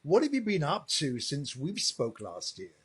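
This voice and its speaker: Male interviewer, husky, animated pitch, brief affirming questions. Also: normal speed. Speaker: interviewer, show host. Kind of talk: casual interview.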